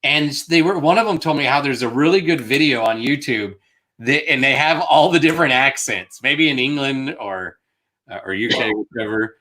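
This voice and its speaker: A man's voice: medium pitch, moderate pace, bright, forceful tone. A man co-hosting a casual live stream, chatty and rambling. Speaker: co-host of a reseller live show.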